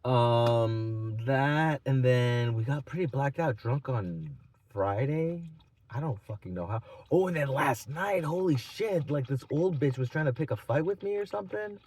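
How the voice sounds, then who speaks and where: A man's voice: mid-range voice, animated, unhurried, a little mellow. A man in his twenties telling a rambling, profane, mocking story in a casual vlog. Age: 20s. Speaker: vlogger.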